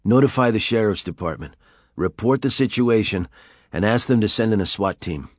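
A man reading an audiobook, voicing a cool, defiant male hero who talks in a calm, dry, cutting way. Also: fairly low pitch, normal speed, no echo.

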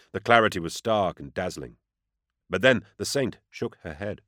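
A man giving scripted audiobook narration in a measured, grave storytelling manner. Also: deep voice, animated, fairly bright tone, dry recording, studio quality.

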